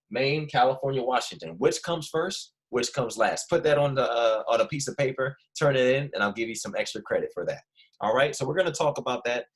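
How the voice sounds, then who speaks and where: A young man teaches first graders with a slight Philadelphia accent. He speaks patiently and repeats the key words so small children can follow along. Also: mid-range voice. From Philadelphia family. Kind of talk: online classroom lesson.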